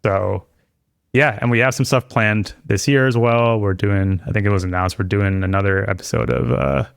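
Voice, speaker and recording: Male podcast guest: low, gravelly, rambling, dry studio sound. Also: fairly even intonation, moderate pace, no echo. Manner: rambling, many restarts and fillers. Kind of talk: casual chat.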